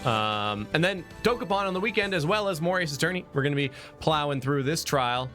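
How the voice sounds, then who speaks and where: A man's voice: on the high side, animated, a little fast, a bit bright, faint music behind. A male streamer hosting a casual chat, joking with laughing asides. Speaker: streamer host.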